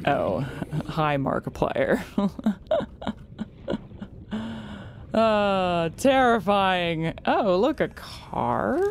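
A woman's voice: medium pitch, big pitch swings, very slow, pauses often, slight background noise. A young woman commenting nervously on a game as she plays, talking to creatures and swinging between shrieks and whispers. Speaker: gamer.

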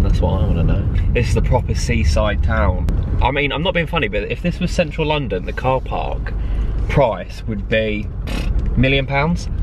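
A man vlogging on a solo road trip, gushing and excitable, talking into a phone on a tripod from his car and outdoors. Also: medium pitch, background noise. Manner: excitable and gushing, full of exclamations. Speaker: travel vlogger. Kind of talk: casual vlog talk to camera. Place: in a car and outdoors by roads and the seafront. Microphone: phone on a small tripod.

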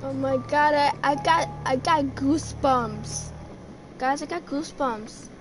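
High-voiced jumpy woman gamer. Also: unhurried, background noise. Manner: jumpy, stammering, full of exclamations. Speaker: gamer streaming a horror ride. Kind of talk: live gameplay commentary.

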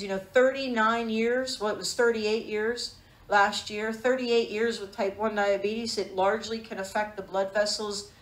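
A woman Bible teacher giving a sermon, telling personal stories in an earnest, emotional way. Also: medium pitch. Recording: echoey room.

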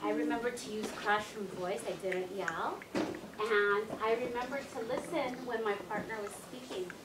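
High-voiced teacher in an echoey classroom. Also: female voice, fairly even intonation. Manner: slow, clear instructions to children. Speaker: first grade teacher. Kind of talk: classroom lesson. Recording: echoey classroom, distant mic, noisy.

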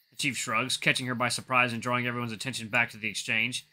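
A man reading a visual novel aloud, narrating in an even, quiet tone with small slips. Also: mid-range voice, quick pace, hardly any pauses.

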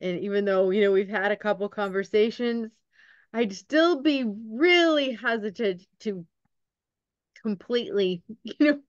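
A woman's voice: mid-range voice, measured pace, no room sound. A woman hosts a podcast interview and talks in a loose, hesitant way. Her voice sounds dry and a bit muffled, as if the audio is somewhat dull. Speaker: podcast host. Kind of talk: casual interview chat.

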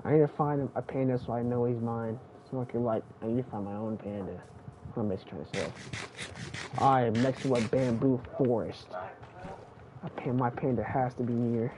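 A young man giving casual live commentary while playing a game, excitable and swinging between muttering and squealing. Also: medium pitch, normal speed. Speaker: gaming streamer. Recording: tinny phone-like stream audio, faint noise.

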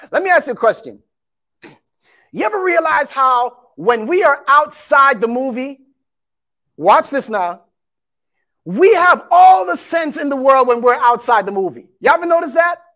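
High-voiced animated male preacher. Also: moderate pace. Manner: animated, acts out quotes, shouts for emphasis; addresses congregation as beloved and y'all. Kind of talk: sermon.

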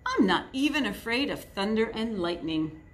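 A woman reading a storybook aloud, voicing a bold, lively young goose in a confident, upbeat way. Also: fairly high pitch, moderate pace, a little hiss or hum.

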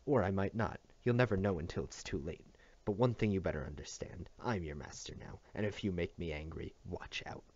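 A man's voice: low-pitched, brisk, darkish tone. A man voicing a shrieking furious woman servant. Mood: menacing. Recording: dull dry lo-fi recording.

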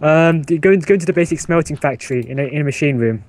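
A man's voice: on the high side, very fast, a little mellow. A man playing a game with a friend over a voice call, laid-back and easily amused as they chat. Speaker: gaming co-player. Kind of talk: casual gameplay banter. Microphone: voice call mic.

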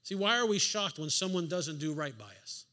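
A man's voice: a little high, expressive, normal speed, sharp tone. A man preaching a sermon in a church, driving home his points with emphatic rhetorical questions and the odd dry sarcastic aside. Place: church sanctuary.

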